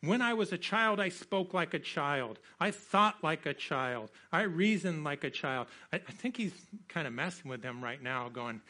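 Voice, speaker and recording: A man preaching a sermon as a pastor, conversational and animated, often restarting his sentences and slowing for scripture. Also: on the high side.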